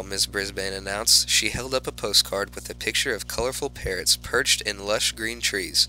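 A man narrating a children's storybook in the first person as a class pet hamster, with lively exclamations. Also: lowish voice, moderate pace, few pauses, soft background music, low-quality recording. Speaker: audiobook narrator.

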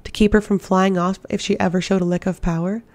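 Gravelly, even-toned woman narrator. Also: medium pitch, fast. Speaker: audiobook reader. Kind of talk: audiobook narration.

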